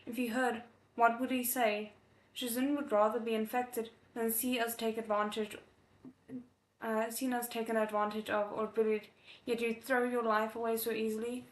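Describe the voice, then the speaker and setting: A woman reading the lines of a firm young female disciple who scolds in a steady, stern way. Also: fairly high pitch, normal speed, lightly acted. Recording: echoey room.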